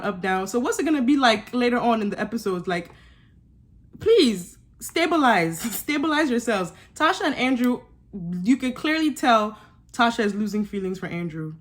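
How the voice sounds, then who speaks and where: A young woman giving a sassy, animated recap of a reality show, with laughing asides. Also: a little high. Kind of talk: casual recap commentary.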